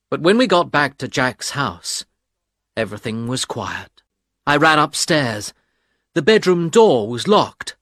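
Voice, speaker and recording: A man reading a story aloud as narrator, in a slow, dramatic storytelling manner. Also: mid-range voice, very animated, fairly bright tone, dry recording, clean studio sound. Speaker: audiobook narrator. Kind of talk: scripted narration.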